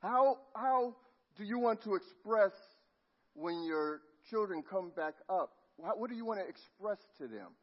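Storytelling male preacher, slightly high voice. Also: lively intonation, measured pace. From Los Angeles. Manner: storytelling, dropping to a near hush at tender moments. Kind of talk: sermon. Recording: muffled lo-fi sound.

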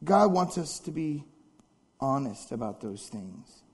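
A man's voice: mid-range voice, big pitch swings, slow pace, husky. A man preaching a sermon in a conversational, dramatic way, full of rhetorical questions. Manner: dramatic, acts out congregants' complaints. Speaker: pastor.

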